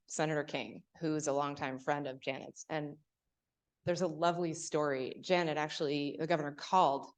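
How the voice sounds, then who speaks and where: Casting: low-pitched woman author at a library talk, hesitant and chatty. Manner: hesitant, many fillers and restarts, storytelling.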